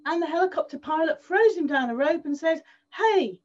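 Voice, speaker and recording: High-voiced woman giving a talk. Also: fast. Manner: animated storyteller, leaning on repeated words. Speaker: speaker at an event. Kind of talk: presentation talk with storytelling. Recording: dull slightly lo-fi sound.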